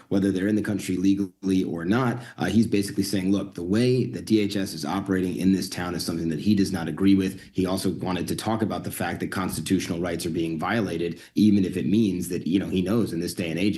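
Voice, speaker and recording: Low-voiced male news reporter. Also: dark tone.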